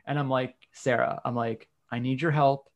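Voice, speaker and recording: Give me a frank man telling a story in a relaxed chat. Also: medium pitch, normal speed, lo-fi sound. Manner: candid, frank, occasional swearing. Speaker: guest. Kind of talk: casual storytelling in a conversation.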